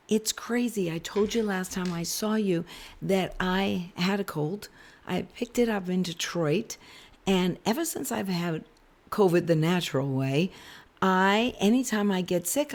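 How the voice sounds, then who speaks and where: A woman hosting a political talk show, whispering because of laryngitis, and talking in an animated, exclamatory way. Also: on the low side. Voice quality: hushed, breathy. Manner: whispering to spare her voice. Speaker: political podcast host. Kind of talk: casual political commentary.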